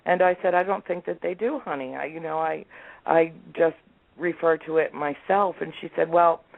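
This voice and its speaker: A woman's voice: sits low, moderate pace, vocal fry, no room sound. A woman in her sixties, a guest telling family stories in an interview, acting out what her relatives said. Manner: animated storyteller, acts out family members' lines. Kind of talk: storytelling in a remote interview. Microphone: phone or call line. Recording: tinny, dry phone-line audio.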